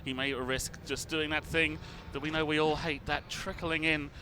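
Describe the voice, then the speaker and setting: A man giving color commentary on an esports match, chatty and quick to laugh. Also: fairly high pitch, background noise. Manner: chatty, laughs easily, animated recaps.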